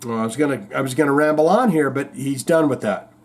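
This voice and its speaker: A man's voice: medium pitch, quick pace. A man hosting a show in casual chat, rambling, reading out viewer comments and telling corny jokes. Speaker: host.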